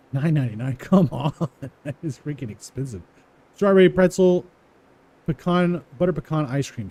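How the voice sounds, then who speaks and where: A man walking through a coding exercise, repeating words aloud slowly as he types them and chuckling to himself. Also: on the high side, darkish tone. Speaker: coding tutorial presenter. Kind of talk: casual live coding walkthrough.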